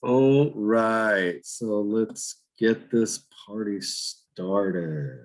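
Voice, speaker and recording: A man teaching a cooking class over a video call, talking slowly with many fillers and restarts. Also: lowish voice, poor audio. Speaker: cooking instructor.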